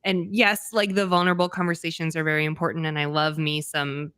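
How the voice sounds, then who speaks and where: A woman's voice: sits low, little pitch movement, fairly quick, a bit bright, clear, resonant tone, no room sound, clean studio sound. A woman hosting a casual podcast interview, frank and emphatic, swearing freely. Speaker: podcast host.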